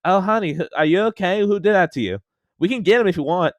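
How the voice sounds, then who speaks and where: Man putting on a high, sing-song housewife voice, sugary and fussy, honey this and honey that, dry close mic. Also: fast, dry recording, natural voice. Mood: sugary concern. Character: doting fussy pirate housewife, Harley Quinn-style.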